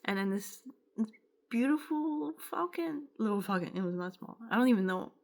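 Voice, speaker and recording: A woman's voice: mid-range voice, fairly even intonation, fast talker. Woman with a Quebec French accent telling a story. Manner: rambling, emotional, with filler words and self-interruptions. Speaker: vlogger. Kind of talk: casual storytelling to camera.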